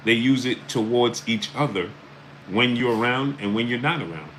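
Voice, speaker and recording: A New York-area man hosts a casual livestream, offering commentary and shouting out chat names while repeating "uh" and "right?" often. His mid-range voice goes at a moderate pace, and the poor audio has a little hiss or hum.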